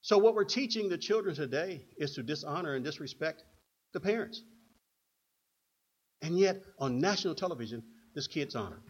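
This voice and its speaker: Older male preacher, animated sermon delivery, husky and expressive, muffled lo-fi recording. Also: fairly high pitch, moderate pace. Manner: animated, acts out quotes in put-on voices. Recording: dull lo-fi recording.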